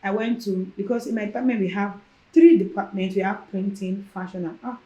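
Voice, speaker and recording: A young Nigerian woman recounts her own story as a podcast guest, lively and conversational. She slips into the voices of the people she quotes. Her voice sits at a medium pitch and carries a noticeable room echo. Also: brisk. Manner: animated, acts out quoted dialogue. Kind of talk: casual personal storytelling. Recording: roomy echo.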